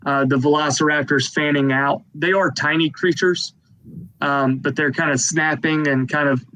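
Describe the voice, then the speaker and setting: Higher-voiced man running a tabletop game. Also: steady tone, moderate pace, sharp tone, poor audio. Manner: rambling descriptive narration with many fillers. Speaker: game master.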